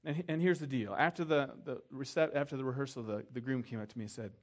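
At a quick pace and medium pitch, this middle-aged pastor preaches with a conversational, narrative feel. He gives voice to the people he quotes and softens his delivery to stress ideas.

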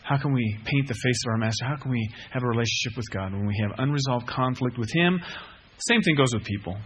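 A man's voice: mid-range voice, fast, husky. A middle-aged man preaching a sermon, earnest, repeating key phrases and putting questions to the listeners. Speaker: pastor.

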